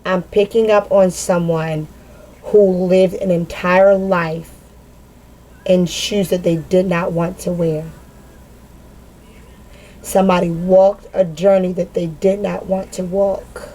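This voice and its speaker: A woman giving a spontaneous spiritual card reading. She talks in a halting way, repeats words and thinks aloud, and sounds earnest and emotionally open. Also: lowish voice, little pitch movement, warm tone, low-quality recording. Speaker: tarot card reader.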